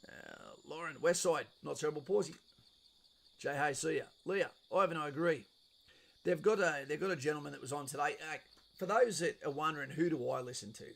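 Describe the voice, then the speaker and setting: A man's voice: fairly high pitch, a little fast, vocal fry, fairly bright tone. A middle-aged man with an Australian accent hosts a casual live stream, reading out viewers' chat messages and answering them in a blunt, chatty way with casual swearing.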